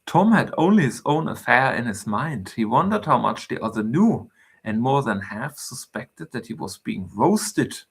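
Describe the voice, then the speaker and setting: Gravelly man reading a novel aloud. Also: mid-range voice, big pitch swings, unhurried. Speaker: reader.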